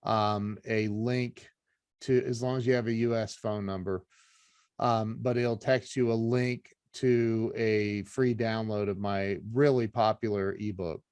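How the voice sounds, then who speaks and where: A man's voice: on the low side, measured pace, clean tone, no echo. Earnest middle-aged man, dry close sound. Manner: animated storyteller, earnest and faith-driven. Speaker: podcast guest. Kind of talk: casual storytelling chat.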